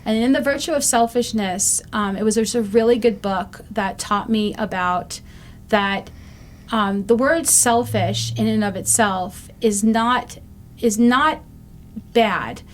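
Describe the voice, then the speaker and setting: A woman's voice: fairly high pitch, slow, slight background noise. A woman in her fifties hosting a recovery show, talking reflectively and earnestly with frequent ums. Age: 50s. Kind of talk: casual talk-show monologue.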